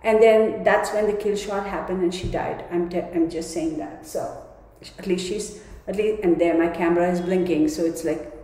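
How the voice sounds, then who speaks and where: A woman's voice: lowish voice, steady tone, moderate pace, dark tone. A woman giving a tarot reading to her viewers in a rambling, emphatic casual monologue. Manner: rambling, emphatic, with many restarts. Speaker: tarot reader. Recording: echoey room with long reverb.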